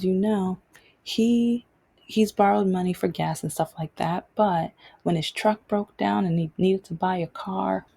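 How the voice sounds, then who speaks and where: Rich: A woman with a low, warm, husky voice chatting through a personal story on her vlog. She rambles and restarts her sentences as she goes, in a loose, conversational way. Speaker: vlog host.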